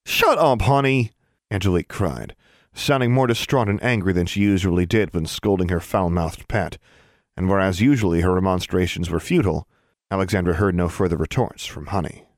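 Male audiobook narrator, low voice, dry close sound, steady and even. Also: a little fast, no room sound.

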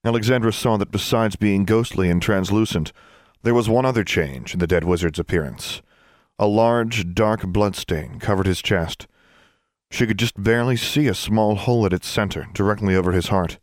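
Low-voiced man narrating an audiobook. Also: no echo, studio quality. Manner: measured, even storytelling.

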